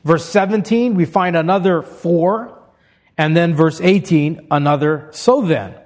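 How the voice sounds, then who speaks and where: A man's voice: a little high, measured pace, a little mellow. A man preaching an expository sermon, reading scripture aloud and explaining it step by step in an earnest way.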